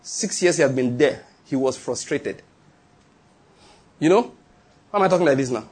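Male pastor, middle-aged, husky tone, emphatic sermon delivery. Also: medium pitch, lively intonation, normal speed, a little mellow. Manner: emphatic, repetitive preaching with acted quotes and chuckles.

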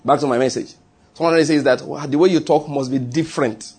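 Husky middle-aged guy preaching a sermon, hammers his points over and over. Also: on the high side, fairly even intonation, fast talker, darkish tone. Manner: emphatic, repeats key phrases. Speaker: pastor.

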